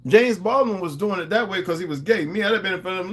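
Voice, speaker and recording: A man's voice: high-pitched, fast talker, a bit bright. A man delivering a profane, confrontational monologue, lecturing his viewers.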